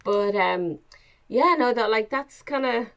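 A woman's voice: fairly high pitch, slow pace. An Irish woman co-hosting a podcast, chatting casually and laughing easily. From Ireland. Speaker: podcast co-host. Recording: dull lo-fi sound.

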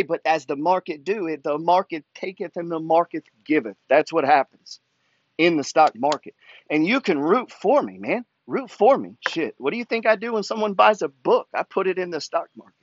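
A man with a fairly high voice delivers a pushy, profanity-laced motivational rant as a show host. The sound is dry and slightly dull. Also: lively intonation, normal speed, no room sound. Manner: swears constantly, pushy, fired-up. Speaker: host reading follower emails.

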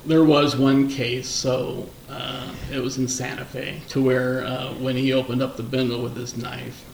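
A man, a former undercover narcotics officer, telling anecdotes in a relaxed, storytelling interview manner. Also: mid-range voice, a little slow, gravelly. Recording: echoey room, distant mic, faint noise.

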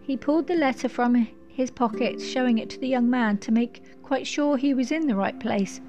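A woman narrating a storybook in a measured, descriptive way. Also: fairly high pitch, over music.

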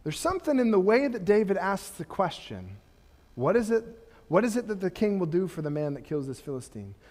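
A middle-aged man preaching in a church hall with a high, bright voice. He talks casually, then builds to fervent rhetorical questions, his words trailing into a long reverb. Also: a little fast. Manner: animated, rising to impassioned rhetorical questions. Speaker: pastor. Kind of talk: sermon.

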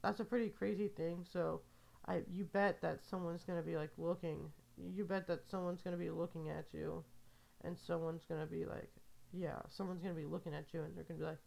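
Young woman, casual solo podcaster; low-ish, gravelly voice, meandering and amused. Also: steady tone, a little fast, darkish tone. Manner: rambling, filler-heavy, amused. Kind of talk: casual rambling monologue.

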